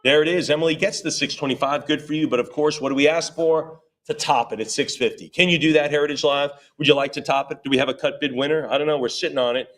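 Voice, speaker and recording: A male auctioneer runs a live sale in a steady chant of rising bids. Between the numbers he tosses off quick jokes and teasing asides to the bidders. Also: fairly high pitch. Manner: rapid repetitive bid chant with joking asides. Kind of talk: live auction bid calling.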